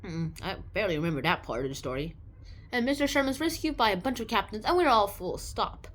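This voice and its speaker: Lively woman summarizing a book. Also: medium pitch, fast talker, a little hiss or hum. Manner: animated, rambling, with many restarts and playful voices. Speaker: book reviewer.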